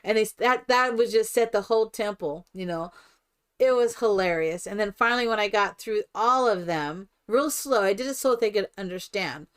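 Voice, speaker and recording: An older woman streaming herself playing a game, chatting in a rambling, animated storytelling way. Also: medium pitch, normal speed, clean tone. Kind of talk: casual chat while playing a life-simulation game.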